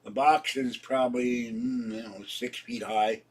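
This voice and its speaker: A man in his seventies, sick and hoarse, rambling casually to his viewers about his day and laughing at his own jokes. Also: medium pitch, steady tone, a little slow, recorded from a distance. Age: 70s. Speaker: vlogger. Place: home.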